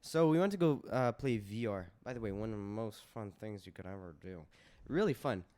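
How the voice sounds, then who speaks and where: A young man speaking as a podcast guest in relaxed, everyday chat. He interrupts freely and talks about things with easy enthusiasm. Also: fairly low pitch, a little fast. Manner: chatty, interjecting. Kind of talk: casual chat.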